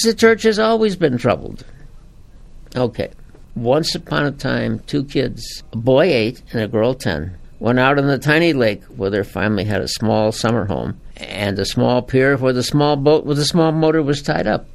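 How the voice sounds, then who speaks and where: A priest telling a folksy story as a homily, his voice gravelly and full of swooping rises and falls. He keeps it informal and animated. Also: medium pitch.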